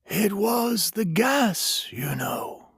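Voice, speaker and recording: A gentle ghost murmurs in a hushed, comforting half-whisper, as a man reads him out. The voice is soothing but unsettling, sliding up and down, recorded dry and close. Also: high voice, very animated, extremely slow, vocal fry, husky, no echo, pitched above the performer's own voice, heavily acted. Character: soothing ghostly male stranger, gentle and eerie.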